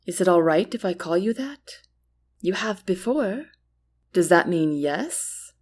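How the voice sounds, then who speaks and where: A woman reading as a gentle young prince. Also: lowish voice, expressive, a little slow. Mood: earnest. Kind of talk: audiobook character reading.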